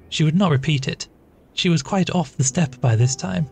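A man reading a classic short story aloud as a podcast narrator, measured and even. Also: mid-range voice. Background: faint music.

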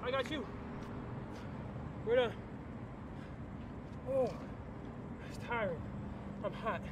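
High-voiced wisecracking man outdoors. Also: slow pace. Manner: playful, wisecracking, rambling. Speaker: man being arrested. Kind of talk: joking banter during an arrest. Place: outdoor car park. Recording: noisy outdoor street recording with traffic.

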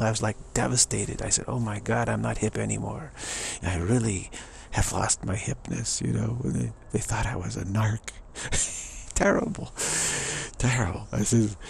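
Gravelly, upbeat middle-aged man. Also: fairly low pitch, a little hiss or hum. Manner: enthusiastic, repetitive, chuckling often. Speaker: speaker giving a pep talk. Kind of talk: rambling motivational monologue.

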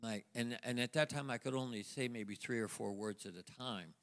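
An older man, a guest minister telling a testimony with halting restarts. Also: mid-range voice, a bit bright. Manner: storytelling, halting restarts, acts out quoted voices. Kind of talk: sermon testimony to a congregation. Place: church sanctuary. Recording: long church hall reverb.

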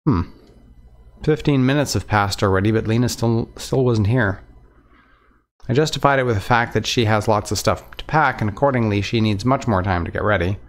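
A man reading a visual novel aloud in earnest, steady first-person narration. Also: fairly low pitch, normal speed. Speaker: let's play narrator.

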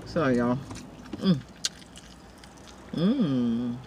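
A woman's voice: very deep voice, animated, very slow, warm tone, a little hiss or hum. A woman hosting a casual eating show, chatting with her viewers between mouthfuls and calling them y'all. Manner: eats and chews between remarks. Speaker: mukbang vlogger.

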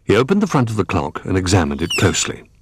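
A man reading a children's storybook aloud in an expressive, gentle manner. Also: sits low, quick pace, slight background noise.

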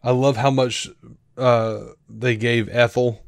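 A man co-hosting a podcast, talking through a show review in a rambling, animated way with lots of fillers and restarts. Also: mid-range voice, slow pace, gravelly, no room sound, studio quality. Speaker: podcast co-host. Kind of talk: casual review chat.

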